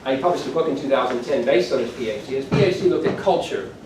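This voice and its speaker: Animated and fast-talking, the man in his sixties speaks in a mid-range voice through his conference keynote, mixing casual conversation with jokes at his own expense. The background is noisy, and the recording comes from far off in an echoey hall with faint room ambience.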